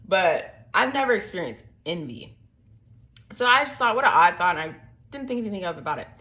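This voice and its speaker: A young woman talks casually to her viewers. Her voice sits a little low, and she tells her stories in a lively way, with sudden jumps in pitch. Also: a little fast, low-quality recording. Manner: chatty, animated storytelling with sudden pitch jumps. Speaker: vlogger. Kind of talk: casual chat to camera.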